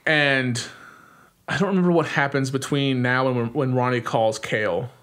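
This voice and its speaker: Young adult man, podcast co-host, casual movie recap, middle pitch, animated, lots of filler words. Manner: animated retelling with frequent "like" fillers and quick acted-out lines.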